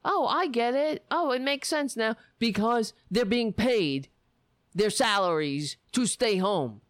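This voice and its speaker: A woman's voice: fairly high pitch, expressive, takes it slowly, dry recording. Furious profane woman ranting. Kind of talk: angry political rant.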